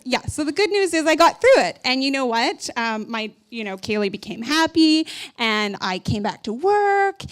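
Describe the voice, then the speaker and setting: A woman's voice: a little high, fairly bright tone. A woman in her thirties from Canada giving a casual, chatty conference talk about her own life, full of "like" and "you know". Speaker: conference speaker. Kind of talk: personal storytelling talk.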